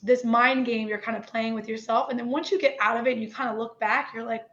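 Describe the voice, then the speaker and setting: A woman's voice: a little high, fairly even intonation, a little fast, few pauses, fairly bright tone. A young woman from Newfoundland with a Newfoundland accent, talking candidly and animatedly as an interview guest, full of "like" and "you know". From Newfoundland, Canada. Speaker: podcast guest. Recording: dull lo-fi audio.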